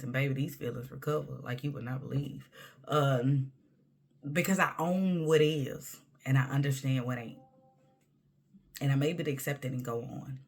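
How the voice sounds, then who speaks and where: A woman's voice: rumbling low, husky. A woman talking candidly to camera in a personal monologue, emphatic and conversational, sometimes dropping to a near-whisper. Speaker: vlogger.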